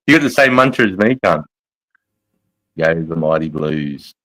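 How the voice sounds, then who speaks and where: A blunt, matey Australian man of middle age hosting a livestream chat. His voice sits very low and deep, and he swears freely and calls everyone mate as he reads out comments. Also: big pitch swings, takes it slowly, a bit bright, poor audio. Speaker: livestream host, army veteran.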